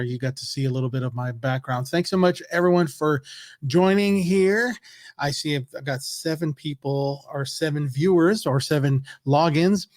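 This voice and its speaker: A man's voice: mid-range voice, a little mellow. An upbeat, chatty man with a mid-range voice hosts a casual teaching livestream, greeting viewers by name. He sounds close and dry, recorded at his desk with no room echo. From California. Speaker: livestream host, education evangelist. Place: home office in Texas.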